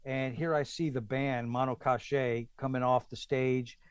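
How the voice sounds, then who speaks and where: A man telling stories as a guest drummer in a casual chat, acting out quotes in a higher voice. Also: unhurried, clean tone, dry recording. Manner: animated, acts out quotes with raised pitch. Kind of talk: casual storytelling.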